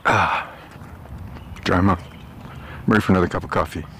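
A man's voice: deep voice, fairly even intonation, fairly bright tone, a little hiss or hum. A man rambling aloud in a meandering walk-and-talk monologue, outdoors on his way home through a park. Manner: meandering, musing aloud with pauses and restarts. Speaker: vlogger.

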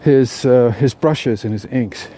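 A man telling a parable aloud, unscripted, with halting restarts and fillers. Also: mid-range voice, mellow. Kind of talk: oral storytelling of a parable.

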